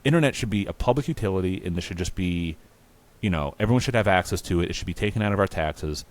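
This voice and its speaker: An exasperated, swearing guy, acted out by a man who launches into fast complaining rants. The voice is fairly low and close to the performer's own, just pushed with indignation. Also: animated. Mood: ranting. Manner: exasperated ranting, profane. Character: hapless horny adult man, easily outraged.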